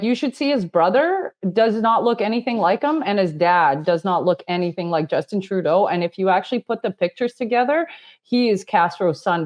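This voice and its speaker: A woman's voice: fairly low pitch, a little mellow. A Canadian woman with a Canadian accent, a podcast guest in casual chat who talks bluntly and sarcastically and laughs easily.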